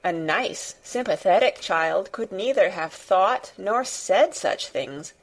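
A woman narrating a classic children's storybook in a measured, deliberate way. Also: mid-range voice, lively intonation. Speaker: reader. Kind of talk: audiobook narration.

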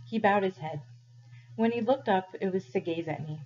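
A woman reading a novel aloud to a class in a calm, measured way, pausing for questions, with a husky voice. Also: mid-range voice. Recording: dull lo-fi recording.

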